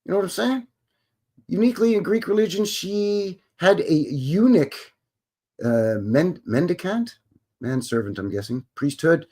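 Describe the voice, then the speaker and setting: A man's voice: high voice, very animated, measured pace, dark tone. A man hosting a casual live stream, reading text aloud and cutting in with wry, sarcastic remarks to his viewers, often stumbling and restarting.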